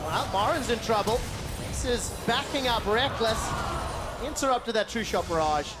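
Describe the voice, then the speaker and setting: A man's voice: very high-pitched, expressive, normal speed. A man calling the play-by-play of an esports match, rising with the action. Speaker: esports caster. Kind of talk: play-by-play commentary. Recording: music bed behind.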